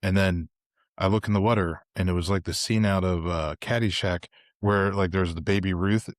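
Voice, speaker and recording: A man's voice: low voice, steady tone, moderate pace, dry recording, studio quality. A man as a podcast guest, telling laid-back, joking stories in casual chat.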